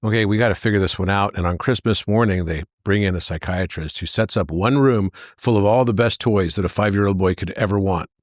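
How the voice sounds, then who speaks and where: A man as a podcast guest, telling anecdotes in an animated way and jumping into high voices for the characters. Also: a little fast, hardly any pauses, dry recording, clean studio sound. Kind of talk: conversational storytelling.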